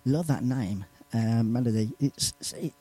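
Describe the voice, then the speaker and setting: A male radio presenter, reading out listener messages in a chatty, animated way and laughing between lines. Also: medium pitch, unhurried, breathy edge, no echo, soft background music. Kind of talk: live radio shout-outs.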